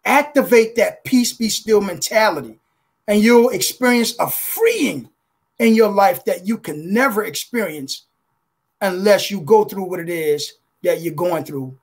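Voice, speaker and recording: A man giving an emotional motivational testimony as a contributing author, preacherly, with repeated calls of "guys" and "listen", slowing down for emphasis, speaking on a video call. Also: sits high, lively intonation.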